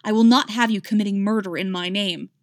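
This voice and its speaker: A woman's voice: medium pitch, normal speed, no echo, studio quality, lightly acted. A woman voicing an exasperated male king who scolds in a clipped, stern way. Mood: angry.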